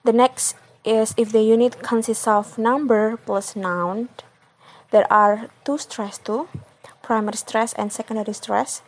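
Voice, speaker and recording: Slow, careful young woman. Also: fairly high pitch, fairly even intonation, low-quality recording. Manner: careful, halting reading of examples. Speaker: student presenter. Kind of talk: classroom presentation.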